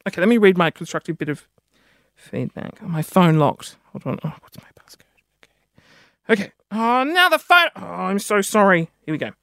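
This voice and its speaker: A man's voice: high voice, very animated, vocal fry, fairly bright tone, no echo. Rambling male podcast host, dry sound. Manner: rambling, self-mocking, quick asides; audible sniffing between phrases. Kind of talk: casual solo podcast chat.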